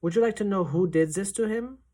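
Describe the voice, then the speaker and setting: A calm, wry old grandmother in a storybook, speaking slowly and evenly, as a woman reader puts her on. She never raises her voice. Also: medium pitch, voice pushed up, natural voice. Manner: calm, measured, unhurried.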